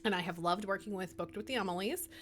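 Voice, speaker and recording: A woman's voice: medium pitch, quick pace, fairly bright tone, a little hiss or hum. Woman guest author, chatty and emotional, casual podcast talk.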